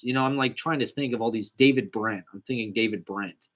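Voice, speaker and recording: A man's voice: mid-range voice, fast, hardly any pauses, pushed and bright. A young man telling a casual, rambling, profane, self-deprecating story about a small acting job. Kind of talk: casual monologue.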